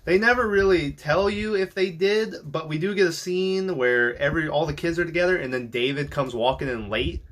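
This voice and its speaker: A man's voice: on the high side, normal speed, few pauses, a bit bright. A man hosting a podcast, recapping a film in a casual, rambling way, swearing freely and filling gaps with ums and likes. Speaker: podcast host.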